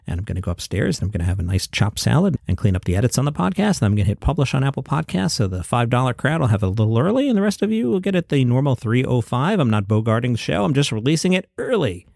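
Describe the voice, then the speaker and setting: A man's voice: medium pitch, sing-song, fast talker, creaky, few pauses, a little mellow, no echo. A man hosting a solo comedy news podcast, talking in a dry, wry way with offhand asides. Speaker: podcast host.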